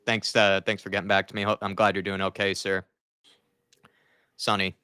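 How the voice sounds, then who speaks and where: A man co-hosting a football fan watchalong, reacting to the match and reading out chat with sardonic, animated complaining. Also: sits low, normal speed, smooth, no room sound, clean studio sound.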